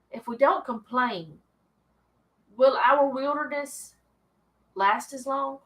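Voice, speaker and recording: Bright-voiced woman leading a Bible study. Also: high-pitched, poor audio. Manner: reads scripture aloud, then chats about it with asides. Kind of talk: casual Bible reading and commentary.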